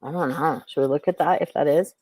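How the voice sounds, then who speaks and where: A woman's voice: low-pitched, quick pace, mellow, slightly rough, no echo. A middle-aged woman hosting a livestream, chatting casually with viewers and giving intuitive readings, rambling with many fillers and restarts.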